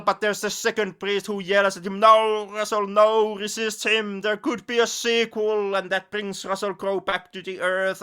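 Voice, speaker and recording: A man co-hosting a podcast, chatting casually about films in an animated, sarcastic, mocking way. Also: high voice. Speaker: podcast co-host. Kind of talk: casual film-review chat.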